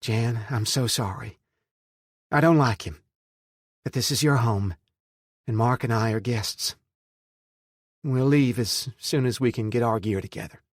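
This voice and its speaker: A man doing a sarcastic, sharp-tongued woman. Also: mid-range voice, measured pace, long pauses, dry recording, clean studio sound, voice pushed up. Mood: stiff apology. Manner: sarcastic, biting.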